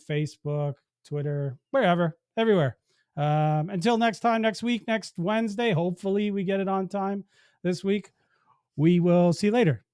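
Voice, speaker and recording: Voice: mid-range voice, a little mellow, clean tone, no echo, studio quality. A podcast host in casual chat, telling jokes and signing off in an easygoing way. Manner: easygoing, joking, signs off the show.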